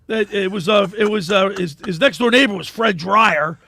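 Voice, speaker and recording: A man hosting a sports radio show, telling a long story in a lively, animated way. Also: sits high, normal speed, gravelly. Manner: animated storyteller, laughs at his own tales. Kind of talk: casual radio chat and storytelling.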